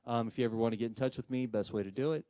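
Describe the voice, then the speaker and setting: This presenter's talk on spirit communication unfolds as a story told live before an audience, with him performing each character's lines in different voices. His medium-pitched voice races along, and the recording is dry.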